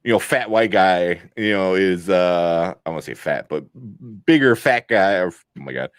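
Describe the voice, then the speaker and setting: A man co-hosting a podcast, chatting about a movie in a rambling, animated way with lots of fillers. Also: sits low, unhurried, smooth, no echo, studio quality. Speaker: podcast co-host. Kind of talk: casual movie review chat.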